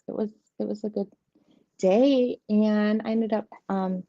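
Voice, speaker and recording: A woman's voice: medium pitch, fairly even intonation, measured pace, dry recording. A woman, hosting a casual live tarot stream, chatty and giggly, rambling and greeting viewers by name. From southeastern United States. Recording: dull lo-fi stream audio, dry.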